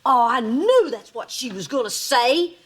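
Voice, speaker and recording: A woman's voice: sits high, big pitch swings, unhurried, breathy edge, heavily acted. An actress playing a blunt, sarcastic middle-aged mother in a sitcom, with dry wisecracks. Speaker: sitcom lead. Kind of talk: sitcom acting.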